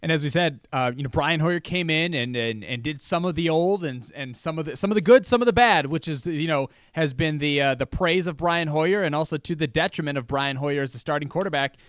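A man's voice: fairly high pitch, fairly quick, hardly any pauses, a bit bright, dry recording. A man co-hosting a sports talk radio show, talking casually with fillers. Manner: conversational with fillers.

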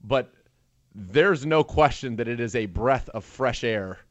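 A man's voice: mid-range voice, expressive, unhurried, no echo. Male sports radio host, dull dry sound. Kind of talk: casual sports talk.

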